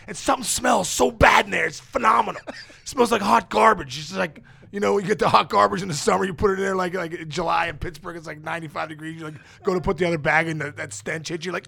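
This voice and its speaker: A middle-aged man, a former ballplayer and podcast guest, telling a story with lots of excitement, acting out the quotes and laughing often. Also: fairly high pitch, fast talker, vocal fry. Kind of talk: animated storytelling.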